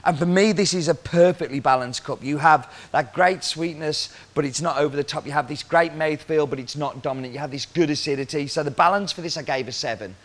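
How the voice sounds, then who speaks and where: A man's voice: on the high side, brisk, hardly any pauses. A man working as a coffee roaster, explaining cupping scores and roasting, talking through questions aloud as he goes.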